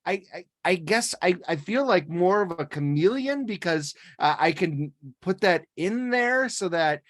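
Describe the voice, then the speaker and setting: A woman co-hosts a podcast in casual chat, telling stories with animation. Her voice sits low but swings widely. She restarts sentences often and laughs along. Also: animated, measured pace. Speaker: podcast co-host.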